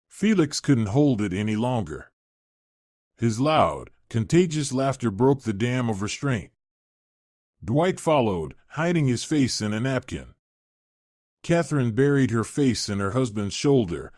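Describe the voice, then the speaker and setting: A man reads a scripted story in a steady, storytelling way. His pitch moves a lot as he goes. The recording is dry and close. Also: no room sound.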